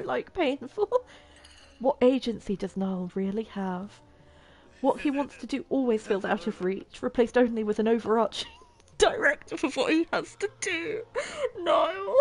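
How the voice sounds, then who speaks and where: A young woman chatting and giggling her way through a life-sim game as a streamer. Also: on the high side. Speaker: gaming streamer. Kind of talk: casual gameplay commentary.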